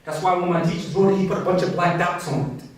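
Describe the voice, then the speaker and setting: A man's voice: sits high, fast, distant mic. A man giving a passionate, conversational religious talk and addressing his audience directly. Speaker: speaker. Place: large echoey hall. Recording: echoey hall, voice from afar.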